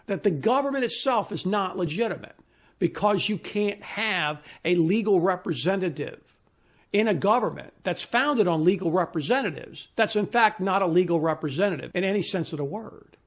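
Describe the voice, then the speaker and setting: Indignant man with a high gravelly voice. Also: expressive, moderate pace. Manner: indignant, ranting; emphatic, insistent. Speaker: commentator. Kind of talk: solo opinion monologue.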